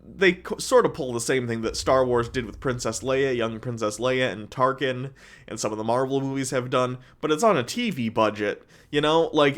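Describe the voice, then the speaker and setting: A man talks through his review of a television season in a loose, conversational way. He leans on fillers and often restarts his sentences. His voice sits at an ordinary middle pitch. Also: a bit bright. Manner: chatty, filler-heavy, self-correcting. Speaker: show reviewer. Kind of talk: casual spoken review.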